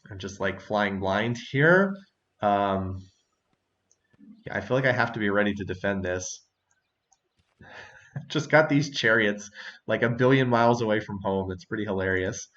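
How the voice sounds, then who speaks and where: Low-voiced male gameplay host, chatty and quick to laugh, muffled lo-fi mic, mouse clicks behind. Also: lively intonation, a bit bright. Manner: chatty, laughs often, thinks aloud. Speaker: let's-play host. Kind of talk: casual gameplay commentary.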